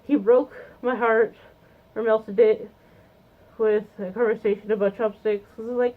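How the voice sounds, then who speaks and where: A woman's voice: on the high side, fairly even intonation, unhurried. A woman chatting casually to camera in a bubbly, gushing, rambling way with many ums and giggles. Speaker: vlogger reviewing a convention. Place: home, seated in a chair. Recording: lo-fi phone-like sound.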